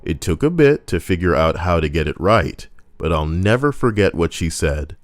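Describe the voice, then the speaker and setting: Man, very deep voice, sarcastic, crude, rambling commentary on reddit posts, faint music behind. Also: big pitch swings, moderate pace, dry recording, clean studio sound. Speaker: YouTuber reading Reddit posts. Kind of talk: casual comedic commentary.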